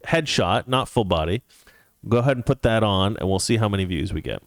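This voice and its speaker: A man hosting a talk show, telling an anecdote in a casual, animated way and reading viewer comments, laughing often. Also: on the low side, brisk, dry recording, clean studio sound. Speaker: podcast host.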